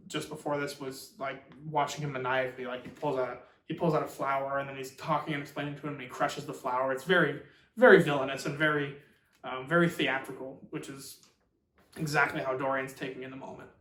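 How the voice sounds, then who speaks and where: Hosting a book channel, a man summarizes a novel in a chatty, rambling, animated way, packed with fillers and quick restarts. His pitch is middling. The recording has a roomy echo, as though he sits far from the mic in a bare room.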